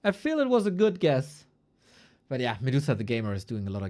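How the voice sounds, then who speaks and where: A woman's voice: very deep voice, big pitch swings, brisk, a little mellow. A woman esports caster chatting casually on a live stream, loose and playful, swearing and chuckling as she goes through rankings.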